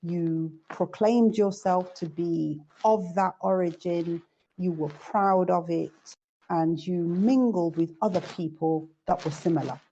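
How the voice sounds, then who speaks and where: Low gravelly woman. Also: a little slow, mellow. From United Kingdom. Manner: reflective, storytelling. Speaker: guest. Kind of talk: casual chat. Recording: dull lo-fi audio.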